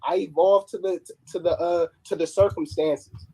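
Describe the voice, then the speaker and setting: High, husky-voiced slangy man. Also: fairly even intonation, normal speed, dark tone, low-quality recording. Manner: slangy, stumbling over words. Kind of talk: casual livestream chat.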